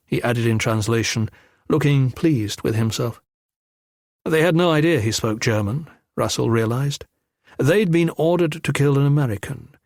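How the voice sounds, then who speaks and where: A male audiobook narrator with a mid-range voice reading a thriller in a measured, even storytelling manner. The recording is dry and close-miked, with no room sound. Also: medium pitch, no room sound. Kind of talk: scripted narration.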